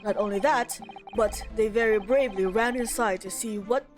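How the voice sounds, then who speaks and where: A woman voicing a gruff, deferential male witness in a mock-British manner, delivering formal testimony in a lowered voice. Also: normal speed, music in the background, close to an everyday voice. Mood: testifying.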